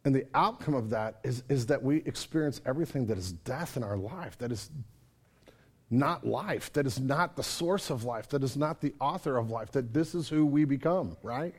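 A man's voice: medium pitch, lively intonation, normal speed, breathy edge. A man preaching a sermon at a church service, talking conversationally, asking the congregation questions and acting out his own complaints to God. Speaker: pastor.

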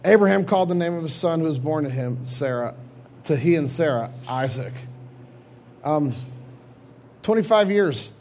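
A man's voice: on the high side, normal speed, long pauses, a little hiss or hum. A man preaching a sermon, retelling scripture in a loose, conversational way. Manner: casual storytelling preaching, animated retellings. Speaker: pastor.

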